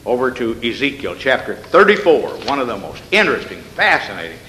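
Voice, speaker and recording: Preaching an evening sermon in a reverberant church sanctuary, a male pastor speaks briskly with a medium-pitched, bright, forceful and very animated voice. There's slight background noise as he reads scripture and presses his points through rhetorical questions and folksy remarks.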